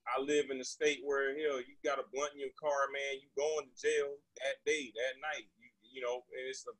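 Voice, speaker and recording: A man from Texas, telling a story as a podcast guest in an animated, profane, indignant way. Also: mid-range voice, normal speed, dry recording, low-quality recording. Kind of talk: casual storytelling.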